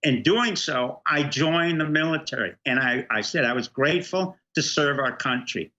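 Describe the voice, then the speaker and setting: A man's voice: mid-range voice, expressive, normal speed, sharp tone, lo-fi sound. A middle-aged man, a guest on a political talk show, speaking emphatically and firing off rhetorical questions. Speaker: guest commentator.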